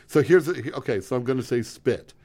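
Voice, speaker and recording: A man co-hosting a radio show, joking around with wry, teasing, deadpan banter. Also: medium pitch, brisk. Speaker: radio co-host.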